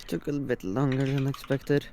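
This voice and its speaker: A man at a tabletop game chats casually and slips in dry jokes. Clear music plays behind him, along with keyboard typing. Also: mid-range voice, fairly even intonation, fairly quick, dark tone. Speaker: player.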